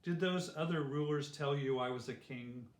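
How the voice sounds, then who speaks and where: A man voicing a calm, gentle teacher who calls himself a king, speaking earnestly in a children's story. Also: mid-range voice, moderate pace, close to an everyday voice. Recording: roomy echo.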